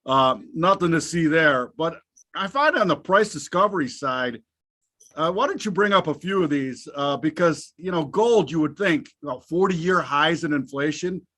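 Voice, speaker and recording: A man's voice: a little high, animated, normal speed, fairly bright tone. A man hosting a casual market show, joking and cursing freely. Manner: jokey, profane banter. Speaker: host.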